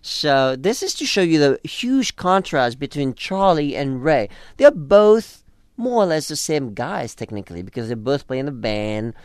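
A man co-hosts a casual talk-show podcast, animatedly chatting about a TV episode and acting out quoted lines in different voices. His mid-range voice is smooth, with studio-quality sound and no room echo.

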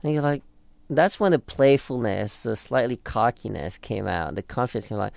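A man's voice: medium pitch, normal speed, vocal fry, no room sound. A man co-hosting a casual talk show, animatedly discussing a TV episode and acting out quoted lines. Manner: animated, acts out quoted lines in different voices. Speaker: podcast co-host discussing a TV episode. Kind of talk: casual chat.

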